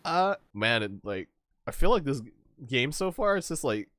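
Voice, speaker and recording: A man's voice: mid-range voice, very animated, normal speed, a bit bright, dry recording, clean studio sound. A man hosting a stream, chatting casually and laughing often between rambling, restarting sentences. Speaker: streamer host. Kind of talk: casual chat.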